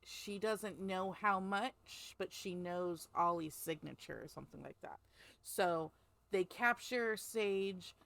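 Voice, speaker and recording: On a book podcast, a co-host with a lowish, fairly bright, gravelly voice talks at a slow pace. She rambles casually through a novel's plot with plenty of fillers in a book-club-style conversation.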